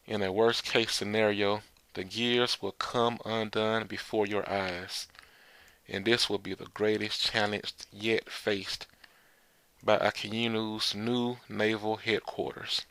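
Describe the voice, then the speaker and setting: A man rambles through a casual chapter recap, full of filler words and quick laughs. His voice sits low, with a gravelly, bright, forward edge. The sound is close and dry. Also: level tone, no echo. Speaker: manga chapter reviewer.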